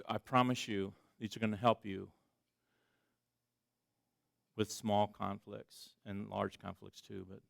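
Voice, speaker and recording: A middle-aged man giving a sermon as a pastor, talking in a conversational, self-deprecating way that swings between loud emphasis and quiet asides. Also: on the low side, gravelly, no echo, studio quality. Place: church sanctuary.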